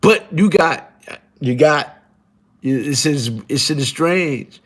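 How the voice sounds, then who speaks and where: Brief: middle-aged New man, slightly high voice, loose profane streetwise rambling, keeps asking "you heard?". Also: expressive, slow, fairly bright tone. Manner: profane and emphatic. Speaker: guest on a live show. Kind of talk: casual live-stream talk.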